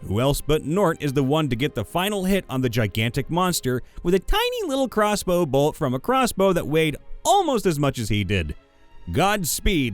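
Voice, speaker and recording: A man narrating viewer-submitted tabletop game stories with animated, playful asides. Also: on the high side, fairly quick, soft background music. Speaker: story channel narrator. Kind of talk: reading viewer stories aloud.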